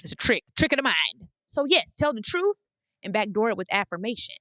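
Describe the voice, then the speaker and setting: Blunt, animated woman podcast host. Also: mid-range voice, brisk, no room sound. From United States. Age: 30s. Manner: animated, blunt and emphatic, with repeated phrases. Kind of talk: casual advice monologue.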